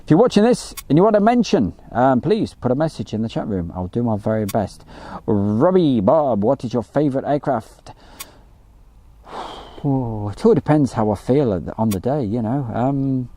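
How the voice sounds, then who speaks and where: A man's voice: mid-range voice, lively intonation, unhurried, mellow. A man hosting a casual live stream from outdoors by an airfield, chatty and joking as he reads out viewer messages.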